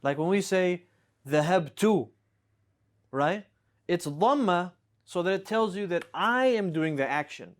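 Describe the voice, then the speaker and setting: Patient Arabic teacher explaining grammar. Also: male voice, sits high, lively intonation, measured pace, long pauses. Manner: patient, explains with repeated examples and checks "right?". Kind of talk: classroom lesson.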